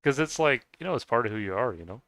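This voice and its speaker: A man's voice: medium pitch, animated, quick pace, fairly bright tone, dry recording. A man streaming a game and chatting casually, rambling and hesitant, with many fillers, restarts and frequent laughs. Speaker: gaming streamer. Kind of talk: casual chat while playing a game. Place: lives in the US.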